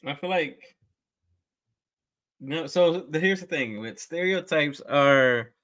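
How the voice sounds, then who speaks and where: A man's voice: a little high, expressive, a bit bright. A man co-hosting a podcast in casual chat, thinking aloud and restarting his sentences as he makes his point. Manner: thoughtful, works through his point in halting restarts. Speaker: podcast co-host.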